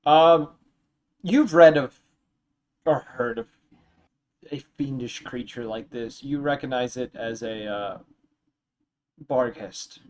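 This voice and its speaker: A man's voice: mid-range voice, takes it slowly, pauses often, a little mellow. A man narrating as dungeon master in a tabletop game, hesitant and full of ums and uhs.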